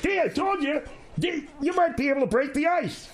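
A man voicing a naive, slow-witted male sidekick on a radio talk show, who agrees easily and asks basic questions. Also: extremely high pitch, animated, raised voice, a little hiss or hum, pitched above the performer's own voice. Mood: dopey.

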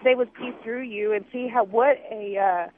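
A woman's voice: on the high side, fairly even intonation, normal speed, a little hiss or hum. A woman calling in to a radio talk show, indignant and talking over others. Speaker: caller. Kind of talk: radio call-in. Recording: tinny phone line.

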